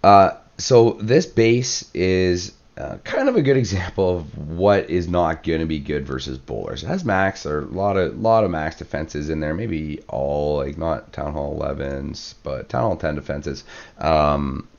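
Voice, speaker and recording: A hoarse man, losing his voice, giving relaxed play-by-play commentary on a strategy game, with fillers and throat clearing. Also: very deep voice, measured pace, lo-fi sound. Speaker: clan war commentator. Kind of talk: gameplay commentary.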